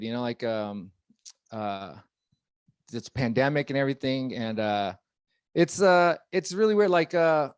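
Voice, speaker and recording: A man's voice: a little high, no room sound. A man in his thirties doing a stand-up comedy set, rambling and self-deprecating with lots of fillers. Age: 30s. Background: audience laughing.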